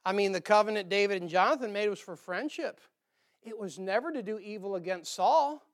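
A male pastor preaching a sermon, animated, acting out quoted voices and dropping into quiet asides. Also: sits high, fairly quick.

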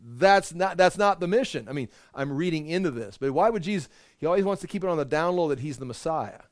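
A man preaching as a pastor, explaining scripture in a conversational, animated way with frequent restarts. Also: fairly high pitch, quick pace, no room sound, clean studio sound. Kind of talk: Bible study sermon.

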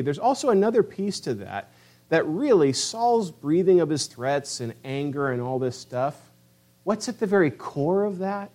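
Passionate preaching man, fairly high voice. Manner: passionate preaching, dramatic quoted voices, swings from loud to hushed. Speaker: pastor. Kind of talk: sermon.

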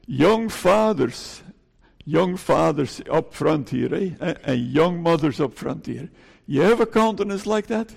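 A man's voice: a little high, animated, unhurried, creaky, darkish tone, husky. A male pastor with a Dutch accent, preaching a pleading sermon in church, repeating his phrases and adding "eh?" asides. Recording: long church reverb.

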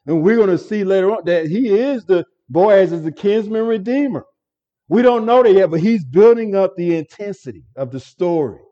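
A man's voice: high voice, lively intonation, normal speed, mellow, highs cut off. A man preaching an expository sermon as pastor, earnest and stumbling over repeated words as he explains a passage.

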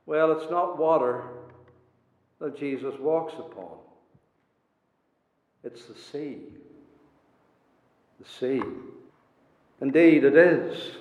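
A man's voice: a little high, very slow, long pauses, a little mellow. A man preaching a sermon, emphatic and repeating his key words for weight. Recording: echoey hall, dull lo-fi sound.

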